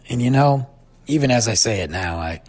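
Husky-voiced man in his forties. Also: mid-range voice, lively intonation, normal speed, a little mellow. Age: 40s. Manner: heartfelt, thoughtful storytelling. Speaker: father telling a family story. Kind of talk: personal reflective monologue.

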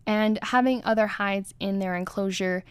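A woman's voice: mid-range voice, fairly even intonation, normal speed, clear, resonant tone, dry recording. A woman hosting her own podcast about pet care, talking in a chatty, upbeat way with small restarts. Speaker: podcast host. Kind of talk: casual solo podcast talk.

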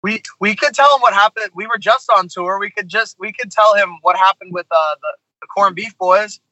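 A man and touring musician, a guest on a podcast, telling a story in an animated way with plenty of asides. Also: high-pitched, normal speed, dry recording, highs cut off. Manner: animated, tells stories with lots of asides.

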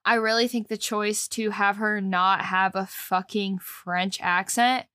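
A woman's voice: mid-range voice, fairly even intonation, a little slow, sharp tone, no echo, studio quality. A woman co-hosting a casual podcast chat, candid in tone and swearing casually. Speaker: podcast co-host.

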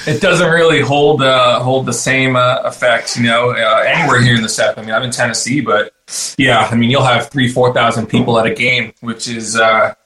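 A man, a country singer guest chatting in an interview, relaxed and halting with many fillers, recorded in an echoey room. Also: medium pitch. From Canada. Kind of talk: casual interview chat.

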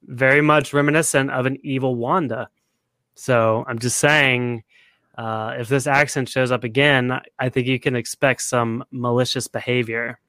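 A man's voice: medium pitch, steady tone, moderate pace, pushed and bright, no room sound. A man co-hosting a podcast in casual chat, laying out his theories step by step. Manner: analytical, lays out theories step by step. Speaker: podcast co-host.

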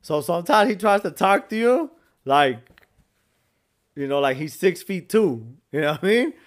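A man's voice: high voice, sing-song, moderate pace. A man co-hosting a casual podcast, telling a story with lots of swearing, laughter and Spanish slang. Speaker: podcast co-host. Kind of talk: casual chat.

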